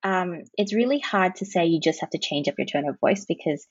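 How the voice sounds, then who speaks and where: A woman counsellor on a parenting podcast, explaining calmly and acting out the gentle phrases she recommends. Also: lowish voice, fairly quick, husky, dry recording, lo-fi sound. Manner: explains with demonstrated soothing phrases. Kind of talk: conversational podcast interview.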